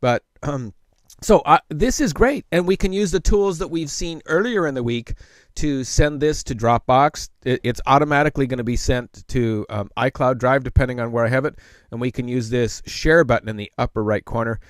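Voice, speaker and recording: A middle-aged tech tutor hosts a casual tutorial, walking viewers through a tip in a relaxed, conversational way with plenty of fillers and restarts. His voice sits at an ordinary middle pitch, and he slows down to speak very deliberately when dictating. The recording is dry and close, with no room sound or echo.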